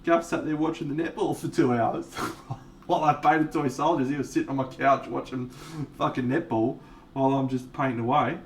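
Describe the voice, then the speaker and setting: A man's voice: medium pitch, steady tone, normal speed. A man, chatting casually and swearing freely as he streams his miniature painting. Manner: laid-back, swears freely, tells an anecdote, laughs often. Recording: distant from the mic with faint background noise.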